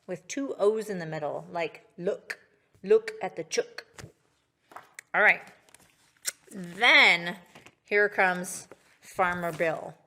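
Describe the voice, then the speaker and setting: A woman teaching a children's music lesson in a patient, sing-song, encouraging manner. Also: medium pitch. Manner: patient, slow, sing-song, bright and encouraging toward kids.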